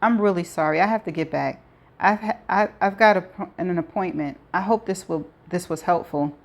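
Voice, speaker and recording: Woman voicing a shaken young woman, halting, self-correcting, lower voice, audiobook. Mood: flustered.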